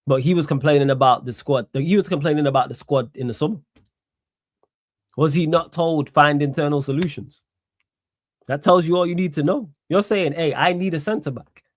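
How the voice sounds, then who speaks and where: A man's voice: a little high, normal speed, no echo. A young man hosting a solo sports live stream, blunt and sarcastic, hammering his points with repetition and swearing. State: tired. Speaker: streamer host.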